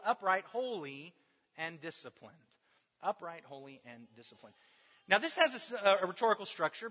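A man's voice: a little high, sharp tone. A man preaching a sermon, teaching emphatically and asking the congregation questions. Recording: muffled sound in a reverberant hall.

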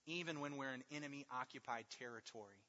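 A man preaching a sermon, emphatic and repetitive, drawing out key words slowly for stress. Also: mid-range voice, sharp tone. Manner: emphatic, with rhetorical repetition and slow drawn-out stresses. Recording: long hall reverb, dull lo-fi sound.

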